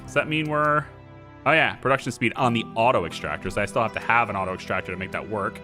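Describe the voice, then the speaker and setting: A man's voice: mid-range voice, fast talker, sharp tone. A man streaming a game, chatting and joking as he thinks aloud through his moves. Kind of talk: casual let's-play commentary. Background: game music.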